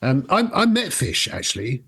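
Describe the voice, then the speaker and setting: A man co-hosting a rock music podcast in a casual chat, lively and quick to rise in pitch when asking questions. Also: slightly rough. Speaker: podcast co-host.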